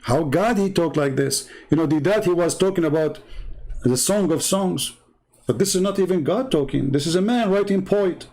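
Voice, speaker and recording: A man's voice: high-pitched, moderate pace, darkish tone. A man hosting a religious debate show, delivering a polemical monologue in a mocking, emphatic way, full of rhetorical questions and repetition for effect.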